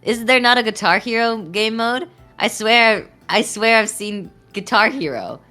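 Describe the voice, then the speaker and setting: A woman's voice: fairly high pitch, expressive, unhurried, sharp tone, faint music behind. A young woman streamer chatting casually while drawing, rambling and giggly with lots of fillers.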